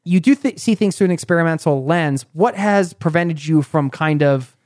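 A man's voice: on the high side, moderate pace, a little mellow, dry recording, studio quality. A man hosting a conversational podcast interview, chatty and asking probing questions. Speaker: podcast host.

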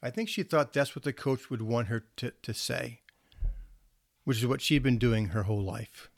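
A man's voice: medium pitch, normal speed, no echo. Guy counselor telling stories to parents, easygoing and chatty, dry close sound. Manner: conversational, relaxed storyteller with small restarts. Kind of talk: storytelling talk to an audience.

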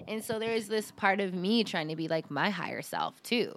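A woman co-hosting a podcast, chatting casually and animatedly, laughing and thinking out loud. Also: medium pitch, normal speed. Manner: animated, laughs often, muses aloud. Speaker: podcast co-host. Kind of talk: casual chat.

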